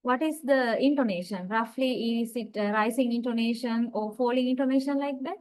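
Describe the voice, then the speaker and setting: Woman teacher with a high voice, slow explaining, lots of uhs. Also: darkish tone, low-quality recording. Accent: South Asian English. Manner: explains slowly with many fillers. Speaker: lecturer. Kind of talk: online lecture.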